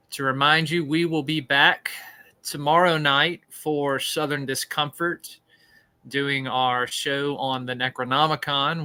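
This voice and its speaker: A podcast host with a medium-pitched, pushed and bright voice chats casually on a live stream, caught on a low-quality recording. He jokes and rambles, laughing at his own corny puns.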